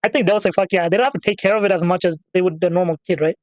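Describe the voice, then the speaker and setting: A man's voice: sits high, rapid-fire, a little mellow, no room sound, muffled recording. A man casually rambling through profane, off-topic stories while commenting on a game he is playing. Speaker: gaming channel host.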